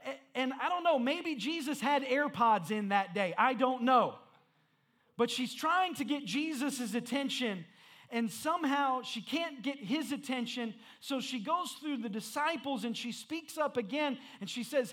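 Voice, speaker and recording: A man in his thirties preaching a sermon as pastor, reading scripture and speaking with animated, emphatic bursts. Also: extremely high pitch, normal speed.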